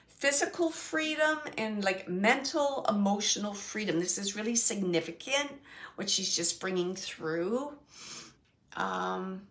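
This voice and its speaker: A middle-aged woman with a mid-range voice gives a mediumship reading, passing on a spirit's message. Her speech is halting and searching, full of fillers and repeats, soft and hushed at times, then brighter and laughing.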